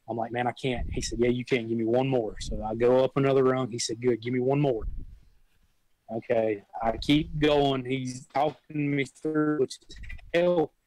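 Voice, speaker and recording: A young man recounts his firefighting stories in an easygoing, rambling way, often circling back and restarting his sentences. His voice sits in an ordinary middle pitch. The sound is dry and close, with no room around it. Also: no echo, poor audio. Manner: rambling, folksy storytelling with repeated restarts. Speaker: guest, volunteer firefighter. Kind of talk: casual storytelling.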